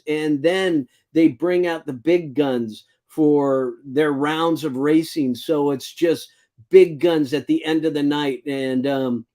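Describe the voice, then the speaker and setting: Guy doing a laid-back racing news rundown, kinda high voice, lots of ums and restarts. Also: mellow. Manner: rambling, halting, stumbles over foreign names. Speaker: show host. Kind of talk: casual speedway news rundown.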